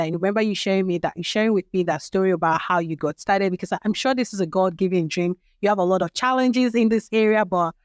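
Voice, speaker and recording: A woman's voice: medium pitch, dry recording, studio quality. A woman hosting a podcast interview, encouraging her guest and using fillers like "you know". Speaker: podcast host.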